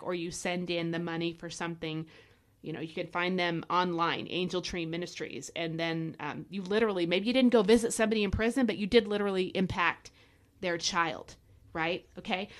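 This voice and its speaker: A woman hosting a devotional podcast, preaching fervently and urging listeners to act, with folksy asides and repeated emphasis. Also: lowish voice. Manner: fervent, exhorting, direct address to listeners. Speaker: podcast host and Bible teacher.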